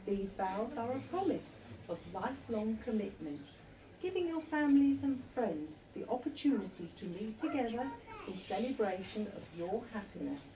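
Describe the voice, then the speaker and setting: A woman registrar leading a wedding ceremony in a measured, formal manner. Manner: measured, formal, lively pitch. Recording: distant mic with background noise.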